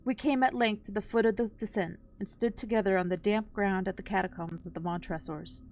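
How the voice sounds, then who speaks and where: A woman's voice: medium pitch, steady tone, brisk, a little mellow. Woman streamer reading a classic tale. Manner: casual asides, stumbles on hard words and laughs them off.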